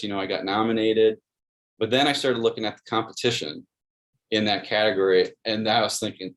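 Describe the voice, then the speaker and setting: A man's voice: on the low side, fairly even intonation, brisk. A man, telling stories as a guest in an interview, earnest and friendly, with many restarts and "you know"s. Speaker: guest, sports video producer. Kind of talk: casual interview storytelling.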